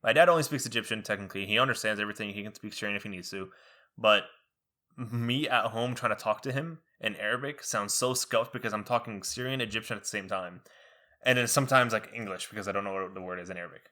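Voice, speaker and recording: Quick, bright-voiced young man chatting. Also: fairly low pitch. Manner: laughing, animated storytelling with quick asides. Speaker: podcast co-host. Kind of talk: casual chat.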